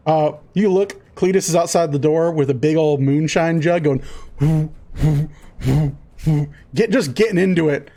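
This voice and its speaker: A man's voice: a little high, normal speed, hardly any pauses, mellow. A man narrating a tabletop game as game master, rambling with many fillers.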